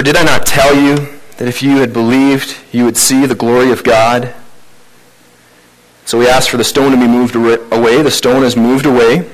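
Male pastor, mid-pitched, conversational sermon with animated emphasis. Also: low-quality recording. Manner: conversational preaching with rhetorical questions.

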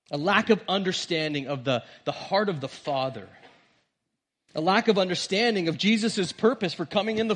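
A man, a pastor giving a sermon in a church and telling stories in a conversational way. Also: high-pitched. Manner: conversational, animated storytelling. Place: church sanctuary.

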